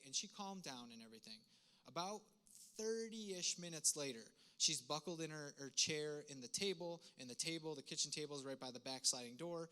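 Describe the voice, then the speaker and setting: A man's voice: medium pitch, fairly quick, bright, forceful tone, clean tone. A man in his thirties preaching a sermon in a conversational, earnest way, with frequent asides and restarts. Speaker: pastor. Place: church sanctuary.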